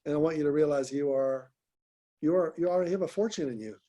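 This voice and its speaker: Man, high voice, group call host, direct, encouraging, repeats words. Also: quick pace, warm tone. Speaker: host, business coach.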